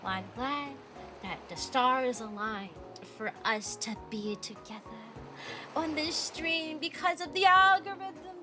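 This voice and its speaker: A woman's voice: fairly high pitch, expressive, moderate pace, over music. A young woman streaming casually as a VTuber, talking energetically and playfully and breaking into silly voices and barks. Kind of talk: casual livestream chat.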